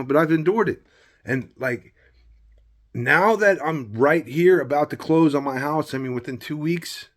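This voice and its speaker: A middle-aged man telling a personal story in a vlog, rambling and heated, often asking "you know what I mean". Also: medium pitch. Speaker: vlogger.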